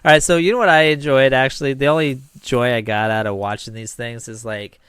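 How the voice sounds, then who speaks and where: A man's voice: mid-range voice, fairly even intonation, a little fast, a bit bright, clean tone, no room sound. A middle-aged man hosting a podcast, teasing his co-host, laughing often and swearing playfully. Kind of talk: casual podcast banter.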